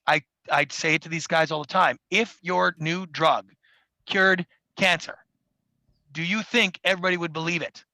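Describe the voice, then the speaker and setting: Podcast guest, male, gravelly and bright, dry studio sound, acts out quotes. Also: on the high side, steady tone, dry recording, rough recording. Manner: acts out quoted people in quick voices. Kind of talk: animated interview talk. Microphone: studio mic.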